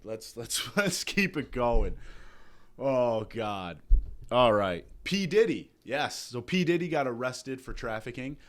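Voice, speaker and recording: A young man tears through a satirical comedy rant, his pitch leaping all over as he swears and feigns outrage. He sounds hungover, sometimes dropping low and grumbling before shouting again. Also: animated, slow. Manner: loud, profane, mock-outraged ranting with exaggerated impressions. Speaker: comedy podcast host.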